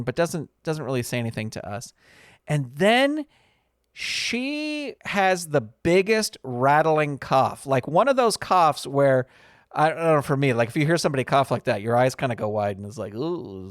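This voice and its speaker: A man's voice: medium pitch, dry recording, studio quality. A man hosting his own podcast in a casual, rambling solo chat full of ums and uhs. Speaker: podcast host.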